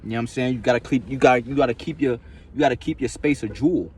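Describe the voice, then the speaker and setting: Male vlogger, mid pitch, loose slangy profane ramble, lots of repetition. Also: very fast, darkish tone, breathy edge. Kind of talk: casual rambling monologue.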